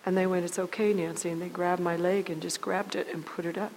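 A woman's voice: fairly low pitch, level tone, a little mellow, slight background noise. Earnest woman in a reverberant hall. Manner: halting, repeats words, earnest storytelling. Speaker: guest sharing testimony. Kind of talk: personal faith testimony.

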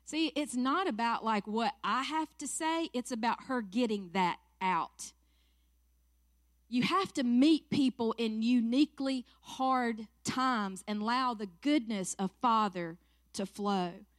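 A woman's voice: fairly high pitch, takes it slowly, no echo. Earnest Southern woman with a dry sound. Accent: South Carolina Southern. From South Carolina, USA. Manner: emotional, earnest. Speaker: church staff minister. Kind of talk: prayer and personal testimony talk. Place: church.

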